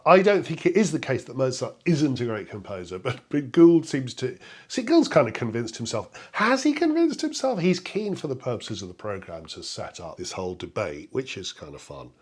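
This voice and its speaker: Enthusiastic English music professor. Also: male voice, mid-range voice, big pitch swings, moderate pace, few pauses, husky. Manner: enthusiastic, explanatory, thinking aloud. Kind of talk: lecture on music analysis. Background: piano music.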